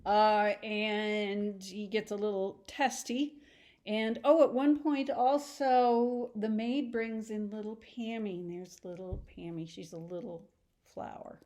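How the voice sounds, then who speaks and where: Chatty woman teacher, animated retelling. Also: mid-range voice, slow pace, a little hiss or hum. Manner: chatty and animated, acts out scenes. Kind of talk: casual lesson retelling a novel.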